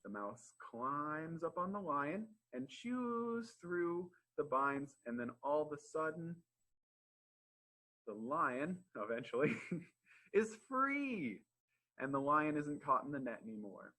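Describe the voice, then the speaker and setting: Lively young man reading stories to kids. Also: fairly high pitch, measured pace, low-quality recording. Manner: animated, friendly, encouraging. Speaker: library storytime reader. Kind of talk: reading aloud to preschoolers.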